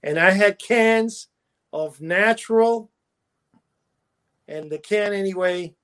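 A man's voice: high-pitched, takes it slowly, noisy background. A man co-hosting a casual chat show, rambling through his stories with restarts and laughing at his own jokes. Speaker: podcast co-host.

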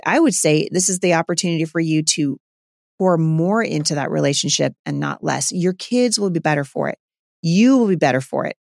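Earnest woman with a gravelly voice. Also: fairly low pitch, darkish tone, no echo, studio quality. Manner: earnest, conversational, many fillers and asides. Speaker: homeschooling mother and speaker answering a listener. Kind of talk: casual advice talk.

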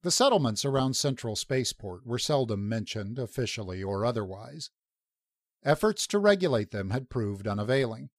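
A man's voice: medium pitch, no echo. Man narrating an audiobook, dry close sound. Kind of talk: scripted narration.

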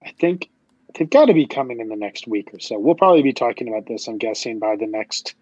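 A man with a husky, slightly breathy voice talks casually, rambling and circling back on himself with lots of fillers. The sound is dry and a little dull, like a close home mic. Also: mid-range voice, lively intonation, fast, darkish tone, no echo. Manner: rambling, many restarts and "like" fillers. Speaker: podcast host. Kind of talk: casual chat.

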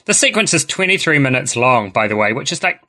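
A man co-hosting a podcast, chatting in a wry, animated way and laughing easily. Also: mid-range voice, quick pace. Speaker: podcast co-host. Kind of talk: casual chat.

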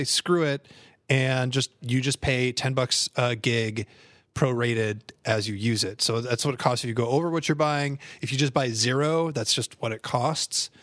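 A man co-hosting a casual podcast, explaining details of a phone service in a plain, steady way. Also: mid-range voice, no room sound, studio quality. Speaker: tech podcast co-host. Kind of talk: casual group chat.

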